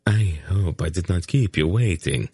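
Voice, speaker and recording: A man doing a sly, urbane male rogue, low-voiced and unhurried, unflustered and dry. Close audiobook sound with no room. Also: lively intonation, a little mellow, slightly rough, dry recording. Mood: smug.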